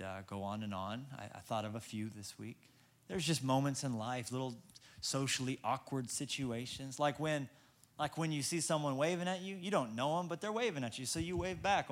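A man, a pastor, who prays in a soft, hushed voice and then tells self-mocking stories of awkward moments, acting out the lines he quotes. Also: medium pitch. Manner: self-deprecating storyteller, acts out quoted lines. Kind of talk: sermon with humorous anecdotes.

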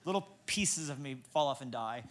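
A man, a pastor, who prays in a soft, hushed voice and then tells self-mocking stories of awkward moments, acting out the lines he quotes. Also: medium pitch, expressive, moderate pace. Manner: self-deprecating storyteller, acts out quoted lines. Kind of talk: sermon with humorous anecdotes.

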